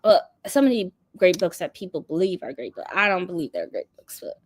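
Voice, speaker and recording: Animated chatty woman book host. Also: lowish voice, fairly quick, no echo. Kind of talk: casual livestream chat.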